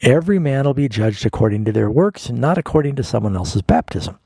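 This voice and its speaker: Male pastor, radio call-in host; gravelly, husky, explains scripture plainly. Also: mid-range voice, animated, brisk, dark tone, no echo. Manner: explanatory, folksy, reads scripture aloud. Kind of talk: call-in radio Bible answers.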